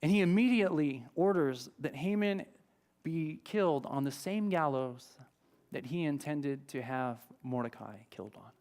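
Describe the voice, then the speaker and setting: Male pastor, higher register, conversational storytelling sermon in a church. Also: expressive, moderate pace, a little mellow. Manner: conversational storytelling, retelling scripture dramatically. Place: church sanctuary.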